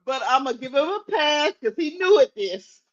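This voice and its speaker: A woman's voice: high voice, sing-song, normal speed, dull audio. A woman co-hosting a casual live sports stream, joking and mimicking others. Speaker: sports talk show co-host.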